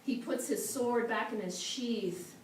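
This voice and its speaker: A woman minister giving a storytelling sermon in a church, soft and slow at times. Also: on the high side. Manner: soft, slow and meditative at moments. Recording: echoey hall from a far mic, faint noise.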